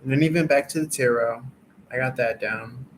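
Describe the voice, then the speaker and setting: A man's voice: mid-range voice, fairly quick, slight background noise, poor audio. A man hosting a tarot channel, muttering casually and profanely while he reviews his own recorded reading, flustered and mocking himself. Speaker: tarot reader and channel host.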